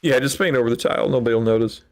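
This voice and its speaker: A man's voice: mid-range voice, racing, soft background music. A man giving casual let's-play commentary in a rambling, wry way, with mock-dramatic sulking. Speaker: gaming channel host.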